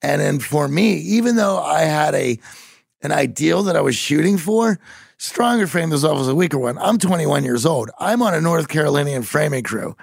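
Storytelling podcast guest: man, rough gravelly voice with slightly raised pitch, tight dry sound. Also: moderate pace, dry recording. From Pittsburgh. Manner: animated storyteller, rising to emphatic bursts.

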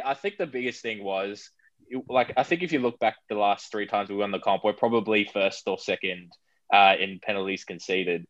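Australian man, fairly low voice, wry and hesitant, dull lo-fi recording. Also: no room sound. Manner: relaxed, wry, hesitant fillers. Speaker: guest, rugby league referee. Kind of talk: casual podcast chat.

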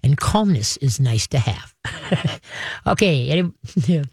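A woman's voice: low-pitched, lively intonation, takes it slowly, a little mellow, breathy edge, no echo, clean studio sound. A woman hosting a call-in radio show as a dog trainer, giving practical step-by-step advice in an upbeat way, often checking in with "okay". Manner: upbeat, practical, talks through steps with "okay".

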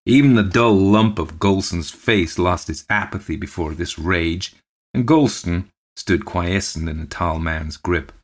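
A man with a deep, low voice reads a ghost story aloud for his podcast. His delivery is measured and steady, carrying the narration line by line.

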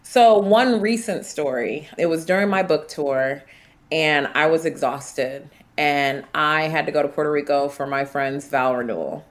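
Low-voiced woman telling a travel story. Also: unhurried. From United States. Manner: animated, vivid retelling. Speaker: guest, traveler. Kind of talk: storytelling in an interview.

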